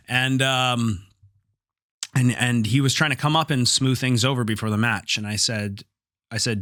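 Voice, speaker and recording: Podcast host, male, bright and forceful, animated anecdote style. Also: medium pitch, moderate pace, no room sound, studio quality. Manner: animated, profane, acts out quoted dialogue. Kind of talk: casual storytelling.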